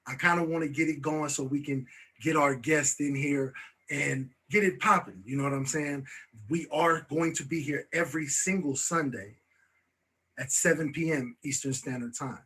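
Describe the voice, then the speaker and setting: Male talk host, bright and husky, slightly high voice, easygoing filler-heavy delivery. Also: moderate pace. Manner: loose, repeats "you know what I'm saying". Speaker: show host. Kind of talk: casual talk-show hosting.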